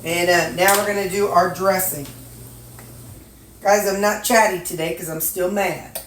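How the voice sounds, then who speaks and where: A woman's voice: lowish voice, steady tone, a little slow, a little hiss or hum. A middle-aged woman from Missouri, chatting folksily to herself and her viewers as she measures and cooks in her home kitchen. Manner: folksy, talks to herself while measuring and cooking. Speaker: cooking vlogger. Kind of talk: casual cooking chat. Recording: roomy kitchen, mic at a distance. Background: clinking dishes and cutlery.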